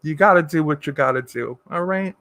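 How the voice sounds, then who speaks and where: A man hosting a casual livestream, reading viewer comments aloud and answering in a sassy, campy way with drawn-out endearments. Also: fairly high pitch, fairly bright tone, no room sound. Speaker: livestream host.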